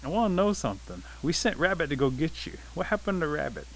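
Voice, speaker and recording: A man's voice: a little high, very animated, fast talker, slight background noise, voice pushed up, low-quality recording. A man voicing a firm, suspicious bear who leads the council and questions the others in a folk tale.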